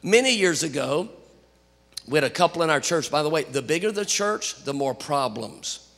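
Male pastor, sermon delivery, bright tense tone, long church-hall reverb. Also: fairly high pitch, normal speed. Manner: animated storytelling preacher, rising to shouts.

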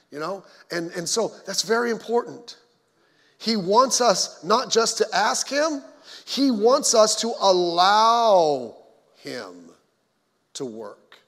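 This pastor's voice is high, sing-song, slow, and a bit bright. He gives a folksy, conversational sermon with joking asides to the congregation, recorded in a church sanctuary with long hall reverb.

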